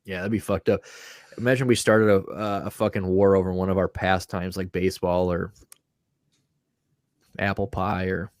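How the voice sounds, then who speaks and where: A man's voice: low voice, moderate pace, pauses often, no room sound. A man co-hosting a podcast, telling stories in a loose, profane, laughing way. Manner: profane, animated storytelling with frequent laughter. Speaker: podcast co-host. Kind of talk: casual podcast banter.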